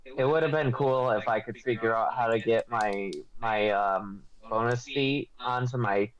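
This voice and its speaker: A man's voice: mid-range voice, measured pace, dull audio. A man playing in a tabletop game, talking in a rambling way with restarts. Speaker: player. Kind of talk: casual tabletop play over voice chat.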